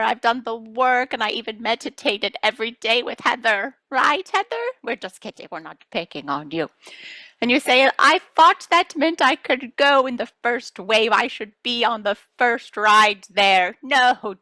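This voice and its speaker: Woman channeling star-being collective, playful, teasing, calls listeners children, bright tone, dry close sound. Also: on the high side, animated, measured pace, no room sound. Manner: addresses listeners as children, gently scolding. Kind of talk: channeling session.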